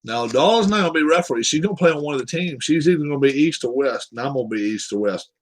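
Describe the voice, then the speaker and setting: A man's voice: on the high side, expressive, fast, poor audio. A man hosting a live stream, chatting casually with his viewers in a rambling way while setting up a game.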